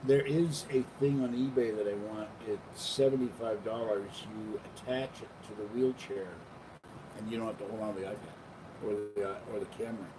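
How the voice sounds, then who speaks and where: Here the older man's lowish, mellow voice holds a steady tone at a moderate pace, far from the mic. He's vlogging at home in a loose, wandering chat, sometimes pausing to coo at his cats, with noise throughout the recording.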